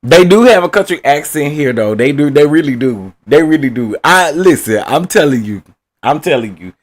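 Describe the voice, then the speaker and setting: A man's voice: fairly high pitch, expressive, moderate pace. A man giving casual live-stream commentary, playful, often laughing and calling his viewers baby and y'all. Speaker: online trial commentator.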